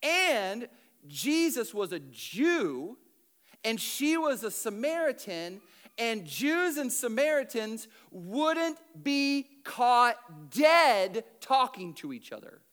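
A man preaching a sermon in a conversational, animated storytelling way with casual asides. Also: extremely high pitch, slow pace.

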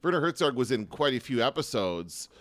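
A man's voice: mid-range voice, very animated, a little fast, no echo. A man co-hosting a casual chat about TV awards, rambling and hesitant with many fillers. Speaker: podcast co-host.

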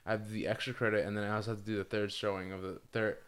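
A young man with a slightly low, groggy morning voice chats loosely on a podcast. He rambles, swears freely and keeps restarting his sentences, with filler words everywhere. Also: level tone, rapid-fire, clear, resonant tone. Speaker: podcast co-host. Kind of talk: casual chat.

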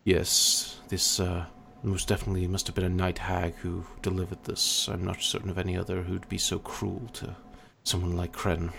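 A man voicing a weary older male high cleric, speaking gravely and softly. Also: completely flat delivery, normal speed, hardly any pauses.

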